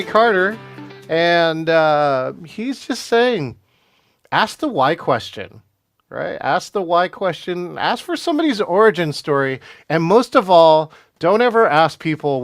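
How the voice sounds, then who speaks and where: Podcast host, male, energetic and upbeat, slightly high voice, dry close sound. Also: no echo. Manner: energetic, upbeat, with frequent fillers and restarts. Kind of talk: animated podcast interview hosting.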